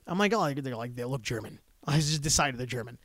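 Fast-talking Canadian man, casual swearing. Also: medium pitch, expressive, a bit bright, no room sound. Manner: swearing, laughing storyteller. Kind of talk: casual chat.

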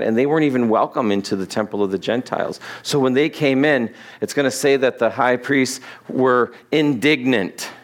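A middle-aged man, a pastor, preaching an expository sermon in a loose, conversational way, laughing at his own asides and acting out the people in the text. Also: mid-range voice. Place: church sanctuary.

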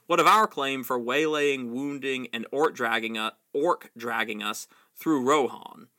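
A man's voice: mid-range voice, unhurried, bright, forceful tone, dry recording, studio quality. A man reading aloud, voicing a plucky young male hobbit who speaks in a breezy, sometimes indignant way.

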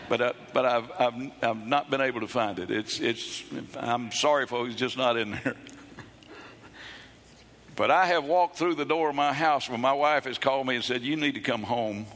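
Emphatic preacher in a reverberant hall. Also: male voice, medium pitch, moderate pace. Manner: emphatic preaching, repeats phrases, bursts into shouts. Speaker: pastor. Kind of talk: sermon. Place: church.

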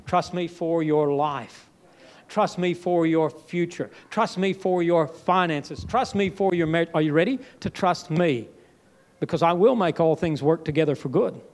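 A man delivering a sermon in a fairly high voice. He preaches with emphatic swings, leaping up in pitch and then dropping almost to a murmur. His delivery is dramatic and direct. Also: measured pace. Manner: emphatic, with sudden jumps and drops in pitch and loudness.

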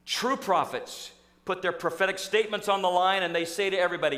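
A man preaching a sermon in a church, telling a story in an animated, acting-out way. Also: high voice, fairly quick. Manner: storytelling, animated, acts out scenes. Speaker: pastor. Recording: echoey church hall.

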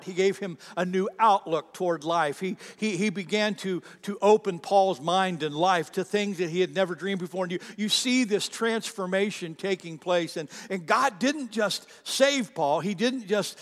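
A man's voice: sits high, moderate pace, few pauses, in a large hall. A male pastor preaching a sermon in a conversational way, acting out the quotes in character voices.

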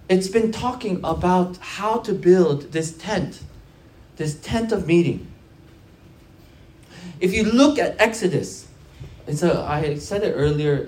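In a reverberant space, a medium-pitched pastor preaches in a chatty style, recounting stories with animation that rises and falls in volume. Phrases are often repeated or begun again.

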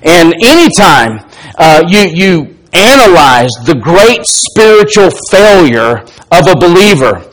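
A male pastor delivers a sermon in a voice that sits fairly high for a man. He drops to quiet, low asides, then climbs back up for emphatic points. He reads scripture passages aloud and acts out the dialogue in them. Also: sing-song, slow pace, low-quality recording. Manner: preaching with wide swings between soft low asides and raised emphatic lines.

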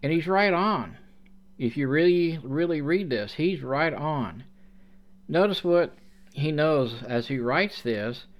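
A man preaching a sermon, reading scripture aloud and explaining it with slow, deliberate emphasis. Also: a little high, expressive, lo-fi sound.

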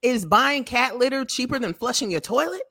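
A woman's voice: a little high, expressive, normal speed, crowd noise. A woman co-hosting a podcast in casual chat, blunt and profane, breaking into laughter often. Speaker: podcast co-host.

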